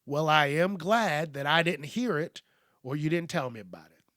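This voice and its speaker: Guy rambling through a story on his podcast, cursing constantly, kinda high-pitched, no room echo. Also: expressive, normal speed, fairly bright tone, studio quality. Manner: profane, blunt, rambling with restarts. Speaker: podcast host. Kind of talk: casual storytelling monologue.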